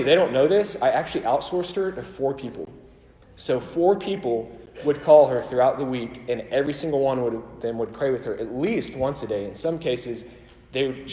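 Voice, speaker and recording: A man's voice: medium pitch, mellow. A man who works in a church ministry tells stories in a conversational, self-deprecating way, with many fillers like "like" and "um". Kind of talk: storytelling church talk. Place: church auditorium. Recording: echoey hall with long reverb.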